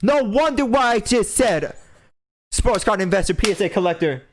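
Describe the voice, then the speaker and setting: A man's voice: sits high, expressive, normal speed, slight background noise. A young man hosting a podcast, delivering an impassioned, preachy rant and repeating phrases for emphasis. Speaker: podcast host.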